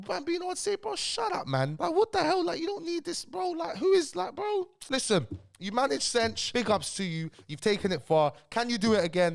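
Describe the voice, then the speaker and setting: A young man giving blunt, heated reaction commentary, sounding ill. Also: sits high. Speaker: YouTube commentator.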